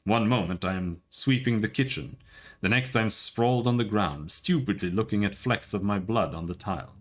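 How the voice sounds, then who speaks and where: A man voicing a haunted young male wizard, recounting in a quiet, measured way. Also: on the low side, lightly acted.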